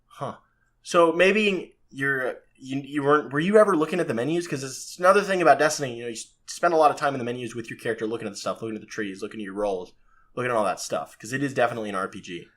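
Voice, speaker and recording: A man's voice: medium pitch, fast, fairly bright tone. A man co-hosting a podcast, talking at length and defending his view with enthusiasm in casual chat. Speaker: podcast co-host.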